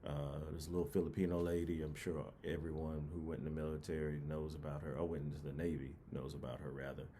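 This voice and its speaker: A man's voice: rumbling low, little pitch movement, fast, hardly any pauses, mellow, slight background noise. A young man from New Orleans casually telling a personal story in a rambling, laid-back way with many fillers.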